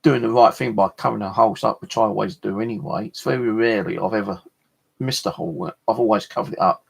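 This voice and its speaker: A man's voice: lowish voice, fast. A man telling a rambling, casual story on his vlog, swearing freely and retelling conversations. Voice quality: gravelly, husky. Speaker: vlogger.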